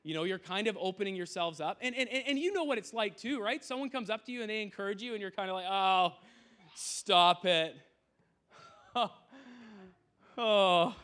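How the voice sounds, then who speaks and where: High-voiced man preaching earnestly. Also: animated, racing, hardly any pauses, fairly bright tone. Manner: earnest, conversational preaching with many restarts and asides. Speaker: youth pastor. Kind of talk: sermon. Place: large tent used as an auditorium.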